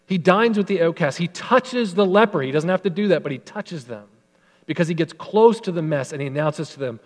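A man's voice: fairly high pitch, lively intonation. Earnest male pastor preaching in a hall. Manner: earnest, emphatic preaching that slows and softens for scripture. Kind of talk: sermon.

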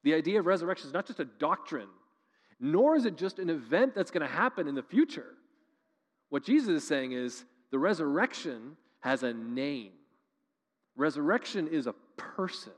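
A man's voice: a little high, animated, normal speed. Earnest male pastor preaching in a reverberant hall. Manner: earnest, conversational preaching with emphatic rises. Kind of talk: sermon.

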